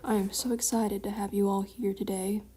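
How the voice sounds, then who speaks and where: A woman putting on a hushed, theatrical, mock-spooky voice as a lonely night host. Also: medium pitch, flat delivery, normal speed, breathy edge, lightly acted. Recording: roomy echo.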